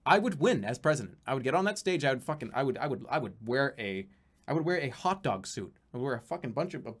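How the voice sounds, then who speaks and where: Rambling, swearing streamer man. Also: mid-range voice. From United States. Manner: rambling, profane, jokey with many restarts. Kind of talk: casual live-stream chat.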